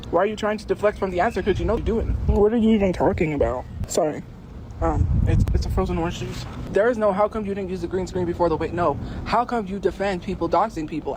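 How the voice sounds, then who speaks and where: A woman's voice: lowish voice, noisy background. A woman arguing insistently on a livestream, repeating her point again and again. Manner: insistent, repetitive, confrontational. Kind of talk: heated livestream argument.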